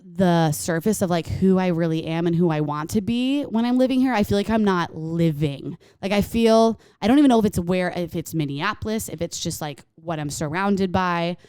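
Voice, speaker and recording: Young woman co-host, casual storyteller, smooth tone, dry close mic. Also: on the low side, normal speed, few pauses, no echo. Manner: animated storytelling, frequent "like". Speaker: podcast co-host. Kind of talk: casual chat.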